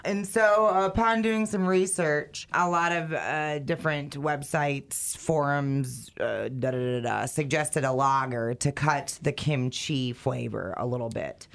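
A man, co-hosting a radio food segment with jokey, excitable banter. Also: fairly high pitch, a little slow, vocal fry, few pauses. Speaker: radio co-host. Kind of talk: casual banter.

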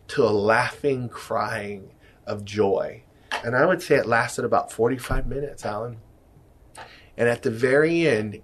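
A man in his fifties, a guest giving an earnest, emotional personal faith testimony, often dropping soft. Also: mid-range voice. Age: 50s. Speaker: guest, jewelry business owner.

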